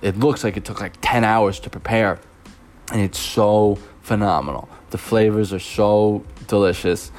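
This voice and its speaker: A man's voice: lowish voice, a little slow, darkish tone. A young man hosting a podcast, telling stories from his teaching job in a rambling, laughing way, full of fillers. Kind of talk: casual storytelling podcast.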